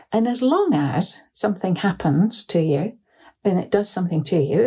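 A woman, a psychotherapist, explains ideas calmly in an interview and often laughs as she tells stories. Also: fairly low pitch, slightly rough. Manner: calm, measured, often laughs while telling a story. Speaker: psychotherapist guest. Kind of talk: explanatory interview talk with anecdotes.

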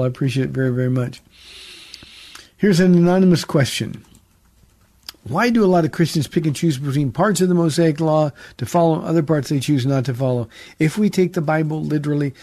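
A man's voice: a little high, mellow, breathy edge, no echo. A man, a pastor hosting a call-in radio show, teaching the Bible in a folksy, conversational way with jokes and stern emphasis.

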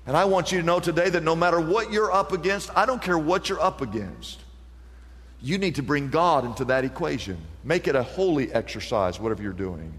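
A man preaching a sermon as pastor, with impassioned delivery that climbs higher on the points he presses. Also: expressive, fairly quick, fairly bright tone, big-room sound. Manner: impassioned preaching, rising pitch on emphasis.

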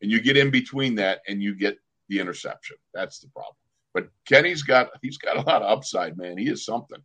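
An older man, a former pro football player, telling lively sports stories on a casual podcast. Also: fairly low pitch, brisk. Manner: animated storyteller, acts out other people's lines.

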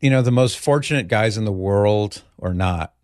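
A man hosting a call-in radio show, chatting gently with callers and leading a prayer. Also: lowish voice, normal speed, dry recording, clean studio sound.

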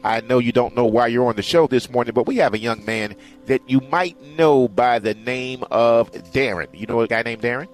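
A man's voice: medium pitch, faint music behind. Radio host guy, playful and teasing, keeps jumping in with questions. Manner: playful, teasing, quick to jump in. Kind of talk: morning radio talk.

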